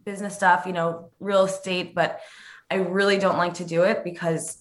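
A woman guest in an interview, telling stories in a chatty, animated way. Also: lowish voice, moderate pace. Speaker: interview guest, rabbinical court advocate. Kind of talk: casual interview chat and anecdotes. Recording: roomy echo.

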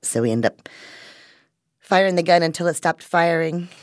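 A woman with a low voice narrates a radio news story. She speaks in a conversational, measured way, as if talking to a listener. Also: lively intonation, no echo. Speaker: reporter narrating.

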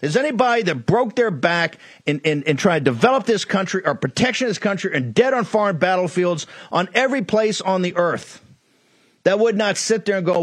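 A man's voice: high-pitched, expressive, a little fast, no room sound. A middle-aged man hosting a political talk show, delivering a fiery, ranting monologue full of repeated accusations. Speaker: host.

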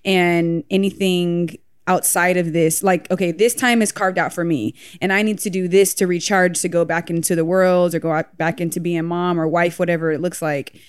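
Woman, 30s, warm-hearted advice-giving co-host, reflective, dry close recording. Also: lowish voice, fairly even intonation, normal speed, hardly any pauses, clear, resonant tone, dry recording. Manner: encouraging, reflective. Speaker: podcast co-host, wellness business owner. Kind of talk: casual chat.

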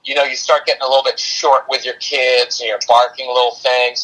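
A man's voice: mid-range voice, normal speed, few pauses, bright, forceful tone, rough recording. A man talking as a parenting coach and podcast guest, practical and plain-spoken, with a dry sarcastic streak and a habit of explaining through analogies. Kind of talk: casual podcast conversation.

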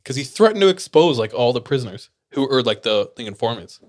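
A man's voice: medium pitch, very animated, quick pace. Laughing, rambling podcast guy. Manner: rambling storytelling, laughs often, lots of filler "like". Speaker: podcast host. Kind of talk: casual chat.

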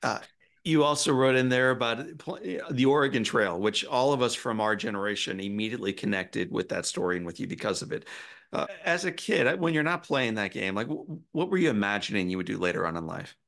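Gravelly guy host, lowish voice, easygoing interview questions. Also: lively intonation, fairly quick, fairly bright tone.

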